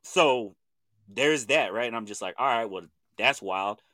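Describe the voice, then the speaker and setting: A man in his thirties from Oklahoma with an Oklahoma accent, co-hosting a podcast and telling a story in animated casual chat, acting out what people said in slangy talk. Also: medium pitch, unhurried, no echo. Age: 30s. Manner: animated storytelling with slang, acts out quoted voices. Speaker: podcast co-host.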